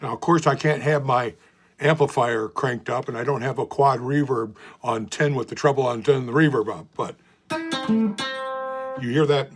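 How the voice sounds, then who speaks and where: A man's voice: mid-range voice, fairly even intonation, moderate pace, music in the background. Earnest older man sharing blues stories. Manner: earnest, heartfelt storytelling, trailing off softly. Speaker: blues guitar teacher. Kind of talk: talking guitar lesson to camera.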